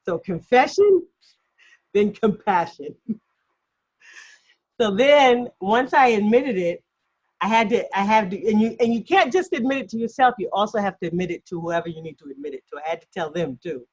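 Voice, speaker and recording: A woman acting coach talks through a mini lesson over a video call, chatty and self-deprecating, laughing as she goes. Her voice sits mid-pitch, and the call audio sounds dull and lo-fi. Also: animated, normal speed.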